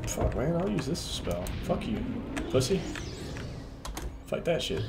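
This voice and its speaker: His voice sits on the high side with vocal fry, and he is very animated though a little slow as he casually narrates his gameplay. He swears in frustration and trash-talks the game, with game music beneath him and keyboard typing in the background.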